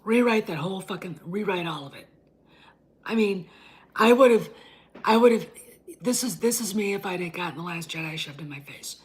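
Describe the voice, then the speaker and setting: A woman's voice: mid-range voice, lively intonation, normal speed, pauses often, husky. A woman hosting her own show, ranting bluntly and combatively, often swearing and restarting her sentences. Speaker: host. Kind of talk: opinion rant.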